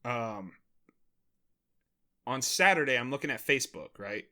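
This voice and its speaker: A young man from Maryland, a podcast host, telling animated, profane stories in casual chat and laughing often. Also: mid-range voice, unhurried. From Maryland, USA.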